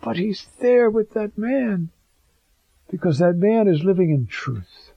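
A male priest giving a sermon in a fervent, animated way, chuckling now and then. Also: sits high, slow pace, vocal fry, no room sound. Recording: dull lo-fi dry recording.

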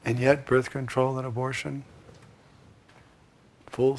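A man preaching a sermon, swinging from loud, emphatic lines to hushed asides. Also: medium pitch, animated, a little slow, gravelly, breathy edge.

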